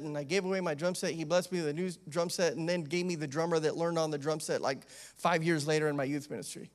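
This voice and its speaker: A man, an associate pastor, preaching a sermon in a conversational, animated way, with frequent asides and calls of amen. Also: on the high side. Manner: animated, acts out the disciples' pleading.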